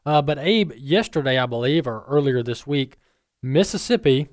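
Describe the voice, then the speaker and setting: A man's voice: medium pitch, expressive, normal speed, no room sound, clean studio sound. A man co-hosting a talk radio show in a plain, conversational way. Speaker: radio co-host.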